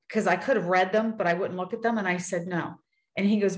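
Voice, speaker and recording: Speaking a bit fast in a low, level voice, she tells her own stories earnestly as a guest in a relaxed chat touched by faith. She performs the voices of those she quotes, and the recording has a roomy echo.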